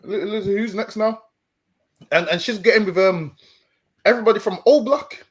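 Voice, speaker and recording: A man with a high voice lectures his listeners on a stream. He talks in a preachy way, stumbles over repeated words and keeps coming back to "listen, man.". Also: moderate pace. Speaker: street preacher co-host. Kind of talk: stream discussion.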